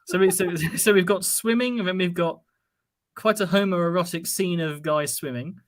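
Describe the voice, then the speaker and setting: A man's voice: high-pitched, moderate pace, dry recording. A man co-hosting a live stream, trading dry sarcastic quips and casual swearing. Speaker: stream co-host.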